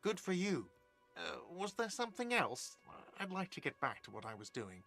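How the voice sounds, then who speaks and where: A curt, fed-up cafe manager. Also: male voice, high-pitched, sing-song, normal speed, gravelly, a bit bright, soft background music, heavily acted. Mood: annoyed, defensive. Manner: defensive, curt and exasperated. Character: irritable middle-aged male cafe manager.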